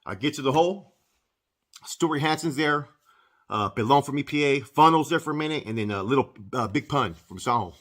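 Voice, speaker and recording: Husky-voiced man, blunt and profane, casual storyteller. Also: mid-range voice, lively intonation, fairly quick, fairly bright tone. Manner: profane, blunt street talk. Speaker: former inmate telling his story.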